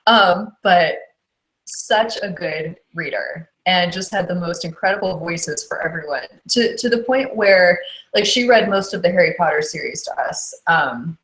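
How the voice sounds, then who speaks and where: Brief: a low-pitched woman, audiobook narrator, chatty and filler-heavy, echoey room. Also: measured pace, fairly bright tone. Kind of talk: casual interview. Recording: roomy echo.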